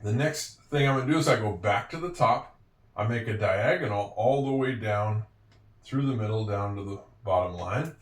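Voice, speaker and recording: A man with a lowish voice speaks at a normal speed, teaching handwriting patiently and step by step, now and then making fun of himself. He sounds distant from the mic, a bit off-axis in an echoey room.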